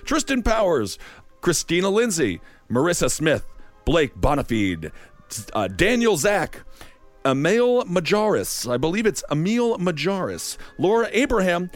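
A man's voice: sits high, very animated, unhurried, faint music behind. A man with a Midwestern accent hosting a podcast, reading supporter names with playful banter. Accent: Midwestern American. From Wisconsin. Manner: playful, jokey. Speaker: podcast host.

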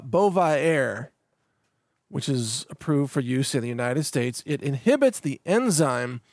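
The middle-aged host of this podcast gives a loose, sardonic news monologue, laughing at what he reports and frequently restarting with repeated words. His voice is mid-range, and the studio recording is clean, without echo.

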